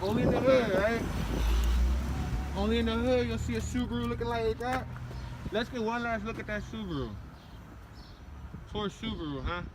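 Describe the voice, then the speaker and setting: A man vlogging while jogging outdoors with his dog, out of breath, excitable and full of slang. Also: very high voice, moderate pace, pauses often, heavy background noise. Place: outdoors on a street. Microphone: handheld camera.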